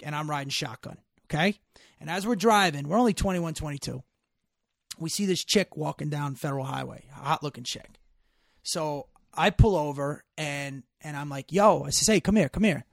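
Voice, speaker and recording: A middle-aged man telling a story in casual chat, animated and profane, getting loud when worked up. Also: fairly high pitch, vocal fry, no echo, studio quality.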